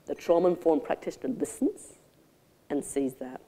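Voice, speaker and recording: A woman's voice: on the low side, moderate pace, pauses often, dark tone. An older woman giving a conference keynote speech, theatrical and intimate, calling the audience darlings. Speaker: keynote speaker. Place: conference hall stage.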